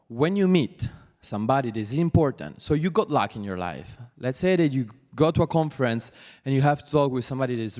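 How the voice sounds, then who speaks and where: A young man with an Italian accent giving an earnest motivational talk as a guest coach, in deliberate, slightly halting English. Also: medium pitch, mellow. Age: young adult. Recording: long reverb of a large hall.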